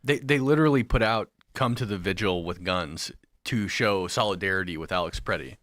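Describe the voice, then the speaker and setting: A man's voice: low voice, fairly quick, a bit bright, no echo. A man speaking as a guest on a political panel podcast, mostly giving short replies.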